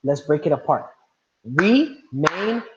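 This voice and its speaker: Male teacher on a video call, slightly high voice, muffled lo-fi sound, patient and repetitive. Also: normal speed, darkish tone. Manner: patient, repeats words and checks with "right?". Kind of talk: online class teaching.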